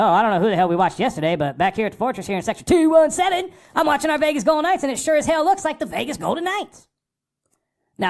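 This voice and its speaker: Excitable, foul-mouthed man recapping hockey. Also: sits high. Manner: excitable, profane fan talk; acts out his own remarks in quotes. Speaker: hockey podcast host. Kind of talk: casual sports podcast recap.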